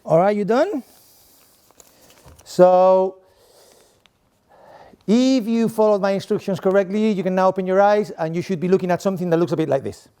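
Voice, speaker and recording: Middle-aged man with a Spanish accent, slightly high voice; chatty, playful lecturer working the room. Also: moderate pace, long pauses, dark tone, clear, resonant tone. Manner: playful, chatty, tags lines with "okay?". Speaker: sport coaching professor giving a talk. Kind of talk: interactive talk to a live audience. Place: room with a seated audience at desks.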